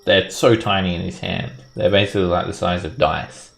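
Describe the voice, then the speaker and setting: A man narrating as game master of a tabletop game, in a relaxed, casual way. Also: deep voice, a little fast, gravelly.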